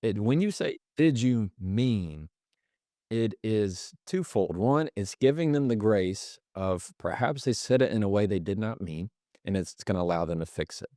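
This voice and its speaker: A man with a fairly low voice talks as a podcast guest, walking through everyday examples and slipping into the voices of people he quotes. He is close to the mic in a dry, dead-sounding room. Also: animated, moderate pace, dark tone, dry recording. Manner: explains with examples, acts out quoted lines. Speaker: podcast guest, communication expert. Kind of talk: conversational explanation.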